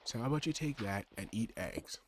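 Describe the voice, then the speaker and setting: A fairly low-voiced man in his twenties, very animated and a little fast, records casual gaming commentary with a bit of hiss or hum behind him. This let's play creator rambles sarcastically, bickering with himself as two alternating sides.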